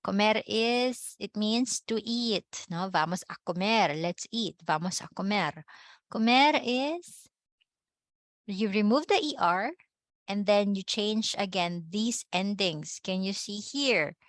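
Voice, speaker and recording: A woman's voice: mid-range voice, takes it slowly, no room sound. A woman with a Filipino accent teaching a language class, patiently checking that students understand with frequent tag questions. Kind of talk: classroom lecture.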